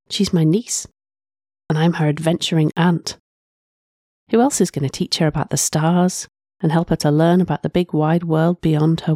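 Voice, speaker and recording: Mellow woman narrating a story. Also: sits low, dry recording, clean studio sound. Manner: soft, reflective, with frequent sighs. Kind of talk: first-person story narration.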